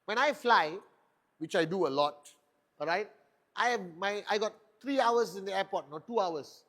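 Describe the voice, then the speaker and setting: A man gives a motivational talk in a high voice. He fires off rhetorical questions and drives each point home with emphatic punch. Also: normal speed, a bit bright. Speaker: network marketing leader giving a motivational talk. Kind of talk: motivational speech.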